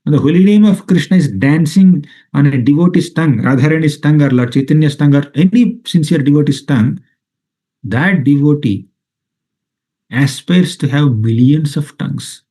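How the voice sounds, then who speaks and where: Male spiritual teacher, fairly high and mellow voice, patient word-by-word scripture explainer. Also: moderate pace. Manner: explains Sanskrit terms word by word, often checks with "right?"; repeats chanted names rhythmically. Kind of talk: scripture lecture.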